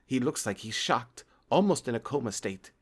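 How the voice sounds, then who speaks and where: Guy doing a british cartoon doctor, serious and low-key. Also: expressive, moderate pace, slightly rough. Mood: solemn. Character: solemn cartoon doctor, British male vegetable.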